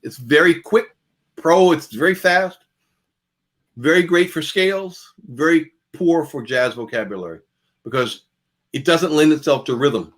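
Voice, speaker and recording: A man's voice: on the high side, lively intonation, measured pace. A man giving a jazz guitar masterclass, talking casually and calling out picking strokes as he demonstrates. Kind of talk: masterclass lecture.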